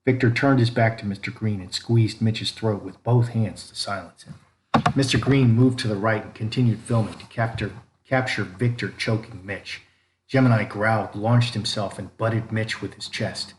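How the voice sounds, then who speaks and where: Low-voiced man narrating a dark story. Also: steady tone, moderate pace. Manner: reads all characters, lifting pitch and volume for quoted lines. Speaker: audiobook narrator. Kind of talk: scripted narration. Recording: echoey room with faint background noise.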